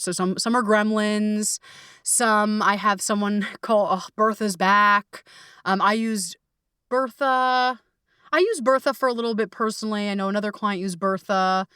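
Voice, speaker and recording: Casual woman coach-host, frank and profane, mid pitch, dry slightly off-mic sound. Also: moderate pace, fairly bright tone, smooth, dry recording, far from the mic. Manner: candid, swears freely, many fillers. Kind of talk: casual reflective coaching talk.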